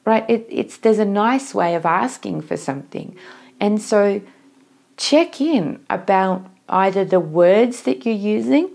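A woman's voice: mid-range voice, lively intonation, unhurried, gravelly, darkish tone. A woman giving a solo talk on workplace communication, reflective and asking listeners questions.

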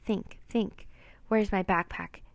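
A woman voicing an earnest, anxious young boy in a storybook reading, with a slightly gravelly, dry close sound. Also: mid-range voice, steady tone, takes it slowly, dry recording. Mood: urgent.

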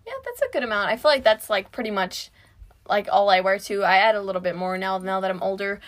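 A woman's voice: mid-range voice, animated, fast. A teenage girl talks casually as a podcast co-host. She is chatty and giggly and fills her sentences with "like" and "I don't know". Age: teens. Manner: chatty, giggly, lots of "like" fillers. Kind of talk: casual chat.

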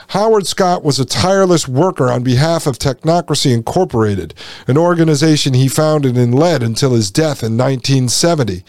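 A man's voice: fairly high pitch, a little mellow, no room sound, studio quality. A man hosting a podcast, reading passages from an article and breaking off for sarcastic, folksy asides to his listeners. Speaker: podcast host.

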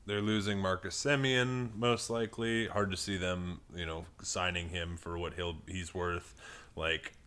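Male co-host, very low voice with a bright bite, rambling casual analysis. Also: a little slow, clear, resonant tone. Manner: rambling, hedging with fillers, jumps in pitch when excited. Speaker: podcast co-host. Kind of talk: casual sports chat.

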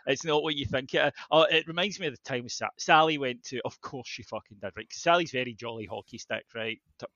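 A Scottish man co-hosting a podcast, telling stories in casual chat with lots of swearing and animated impressions. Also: medium pitch, fast, dry recording, lo-fi sound. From Scotland. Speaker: podcast co-host.

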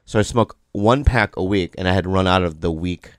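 A man in casual podcast chat, telling a story with lots of energy and acting out other people's voices loudly. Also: sits low, a little fast, no room sound, studio quality.

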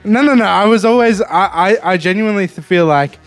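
Agreeable Australian man, easy laughs. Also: high voice. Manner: agreeable, quick to laugh, talks himself in circles. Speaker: podcast co-host. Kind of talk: casual chat. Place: hotel room.

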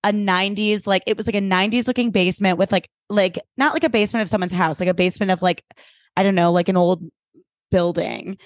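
A woman's voice: mid-range voice, fairly even intonation, fast talker, no echo. Rambling woman podcast co-host, dry sound. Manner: rambling, filler-heavy with constant "like". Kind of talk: casual chat.

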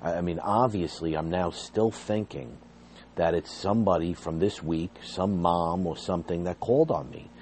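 Low, mellow-voiced man telling his story. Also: normal speed, a little hiss or hum. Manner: earnest, agitated retelling with rising intensity. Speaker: fired behavior therapist telling his story. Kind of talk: emotional personal storytelling.

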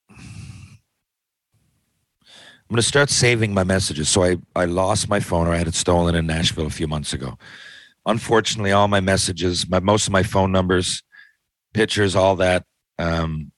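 A man's voice: deep voice, fairly bright tone, no echo. A man hosting a podcast in casual chat, rambling and sardonic, with frequent swearing. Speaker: podcast host.

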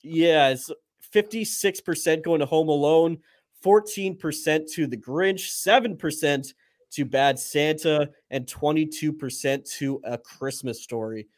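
Casting: relaxed male podcast host, slightly high voice, easygoing delivery. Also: unhurried. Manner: easygoing, reads out poll results. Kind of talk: casual chat.

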